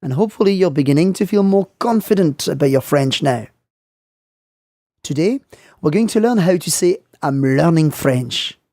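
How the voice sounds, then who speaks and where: A man teaching French in a scripted lesson, speaking clearly and saying model phrases slowly for learners. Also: sits high, animated, warm tone, no echo, clean studio sound.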